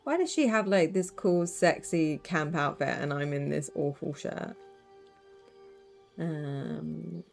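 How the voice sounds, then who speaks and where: A woman's voice: low-pitched, takes it slowly, creaky, a little mellow, soft background music. A woman streaming a game, chatting casually with rambling asides and giggles. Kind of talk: casual let's-play commentary.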